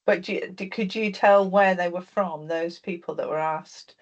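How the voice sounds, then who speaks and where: A woman hosting and chairing a question session on a video call, chatty and quick to laugh. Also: on the low side, steady tone, lo-fi sound. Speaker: event host.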